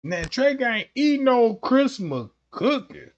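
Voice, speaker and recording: High, animated young man livestreaming. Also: slow, highs cut off. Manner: animated, slangy storytelling. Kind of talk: casual livestream chat.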